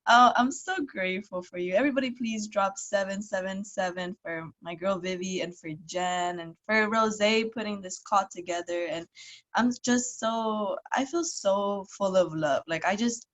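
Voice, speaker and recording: A woman's voice: mid-range voice, moderate pace, a bit bright. A young woman on a group call, gushing and close to tears, saying "y'all" a lot. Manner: tearful, gushing, says "y'all". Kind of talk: emotional call sharing.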